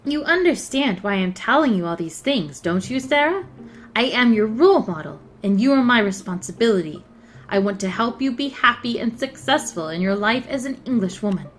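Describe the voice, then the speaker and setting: A woman's voice: a little high, lively intonation, moderate pace, a little hiss or hum, natural voice. A woman reading the lines of a haughty, condescending rich schoolgirl who lectures in a superior tone. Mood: lecturing.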